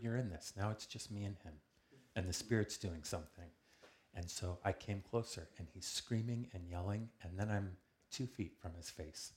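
A man telling a personal story to a small group in a calm, earnest way, acting out the lines of the people in it. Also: sits low, slight background noise. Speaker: speaker sharing a testimony with a group.

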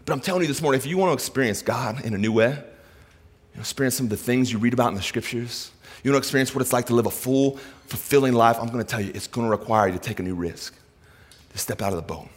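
Male pastor preaching a passionate sermon in a church, surging and dropping to quiet asides, echoing sanctuary. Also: medium pitch, fast, husky. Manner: impassioned, swings from loud preaching to hushed asides. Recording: reverberant hall.

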